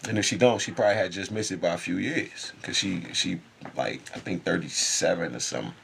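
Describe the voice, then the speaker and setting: A man's voice: deep voice, fairly quick, gravelly, a bit bright, slight background noise. A man speaking in an intense, profane, rambling spiritual monologue, laughing often.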